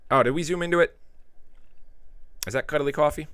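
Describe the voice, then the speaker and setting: A man's voice: fairly high pitch, a little fast, fairly bright tone, clear, resonant tone, dry recording. A man hosting a casual livestream, chatting loosely with viewers and reading out their messages. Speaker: livestream host.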